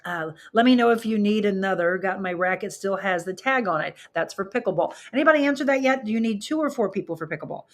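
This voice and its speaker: A woman's voice: medium pitch, expressive, quick pace, hardly any pauses. A woman hosting a live talk show, chatting with viewers and reading their comments aloud, in front of flowers. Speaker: host. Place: studio with flowers behind her.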